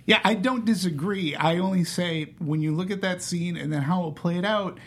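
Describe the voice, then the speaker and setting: A man with a husky, slightly raspy voice talks about a film in a casual panel chat. He is animated and keeps stopping to act out characters' lines, restarting his sentences as he goes. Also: high-pitched, normal speed. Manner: animated, acts out quoted lines with fillers and restarts.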